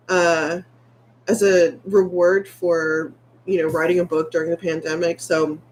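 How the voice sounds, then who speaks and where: A woman's voice: medium pitch, darkish tone. A woman, talking in a mid-range voice. She chats in a candid, rambling and heartfelt way as she catches viewers up on her life. A faint hum sits behind her. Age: late 30s. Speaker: vlogger. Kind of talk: casual livestream chat reading viewer comments.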